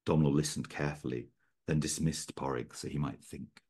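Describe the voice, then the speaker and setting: Very deep, husky male storyteller. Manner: measured, steady storytelling. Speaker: author reading own work. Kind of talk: reading fiction aloud. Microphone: video call.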